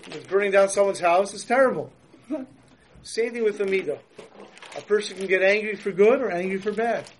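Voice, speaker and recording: A man, a religious teacher, telling a story and explaining its lesson in a lively, storytelling sermon. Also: high-pitched, slight background noise, poor audio.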